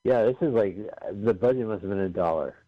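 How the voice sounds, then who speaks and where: A man's voice: fairly low pitch, brisk. A man co-hosting a podcast, joking and swearing casually as he comments on a movie he is watching. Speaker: podcast co-host. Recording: dry, dull lo-fi sound.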